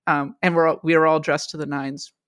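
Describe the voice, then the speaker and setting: A woman hosting a podcast, chatting casually and telling stories with animated energy. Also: low voice, a little fast, no echo, studio quality. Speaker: podcast host. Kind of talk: casual chat.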